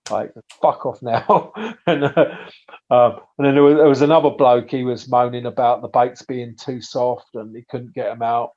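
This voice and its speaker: A man from England chats as a podcast guest, spinning blunt, sweary stories with plenty of false starts. His voice sits at an ordinary middle pitch, and the sound is slightly dull and lo-fi. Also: fairly even intonation, normal speed, a little mellow. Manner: chatty storyteller, frequent swearing and restarts. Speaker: podcast guest, bait maker. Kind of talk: casual podcast chat.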